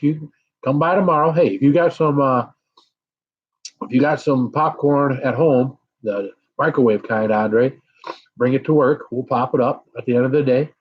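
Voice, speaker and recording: A middle-aged man from the United States, his medium-pitched voice having a breathy edge, hosts a casual live stream and talks with viewers. Chili burn in his mouth keeps him sighing and blowing out breaths. The audio sounds dull.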